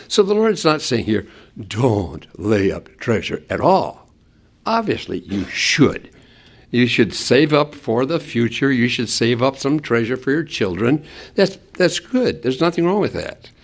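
An older man delivers a sermon in an earnest preaching voice. His pitch swoops up and down to stress key words, and he pauses to let points land while quoting scripture. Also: a little mellow. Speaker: pastor.

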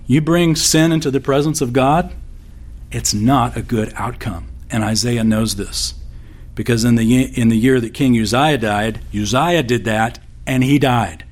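A man's voice: mid-range voice, a little slow. Male pastor, sermon, chatty and folksy, corny humor, mid-range voice. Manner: conversational, folksy with corny jokes.

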